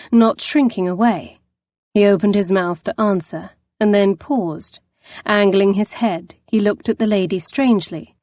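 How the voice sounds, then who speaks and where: Woman narrator, measured storytelling, mid pitch, dry close recording. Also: darkish tone, no room sound. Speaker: audiobook narrator. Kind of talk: scripted narration.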